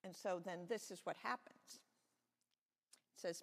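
A woman leading a children's sermon in church, telling a Bible story simply and warmly to kids. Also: lowish voice, measured pace, vocal fry, big-room sound. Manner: friendly, explaining simply to children. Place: church sanctuary.

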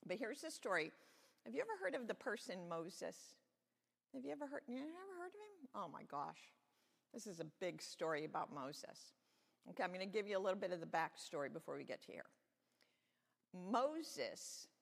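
A children's-sermon leader in a church telling a Bible story in an animated, conversational way and asking the children questions. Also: mid-range voice, creaky. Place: church sanctuary. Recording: echoey church sanctuary.

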